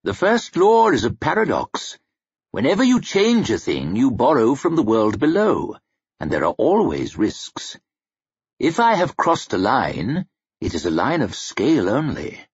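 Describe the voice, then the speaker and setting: A man's voice: medium pitch, wildly swooping pitch, husky, no room sound, exaggerated voice. A man doing an arrogant old wizard. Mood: defiant. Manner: haughty, measured, menacing. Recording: dry muffled recording.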